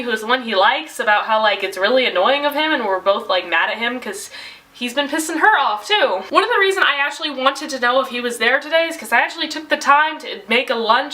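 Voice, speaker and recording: A woman's voice: high-pitched, bright, forceful tone, poor audio. A teenage girl rambling through an exasperated vent in a casual video diary, with lots of "like". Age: teens. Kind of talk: casual venting vlog.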